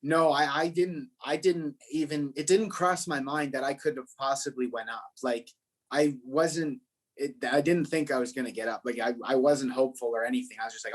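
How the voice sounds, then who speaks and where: Here a young comedian rambles through profane stories in a loose podcast chat. His mid-range voice keeps a fairly even intonation and moves at normal speed.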